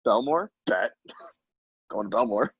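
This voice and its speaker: A young man with a low, gravelly voice co-hosts a casual podcast. He talks emphatically and repeats himself for effect. His voice is raspy, and the recording sounds dull and dry. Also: animated, takes it slowly, a bit bright, dry recording. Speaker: podcast co-host. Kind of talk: casual chat.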